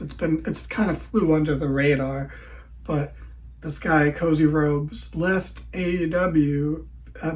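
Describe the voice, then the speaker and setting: A man's voice: fairly high pitch, rough recording. Tired, sarcastic man recapping wrestling. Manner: sarcastic, rambling, exasperated. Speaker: podcast host.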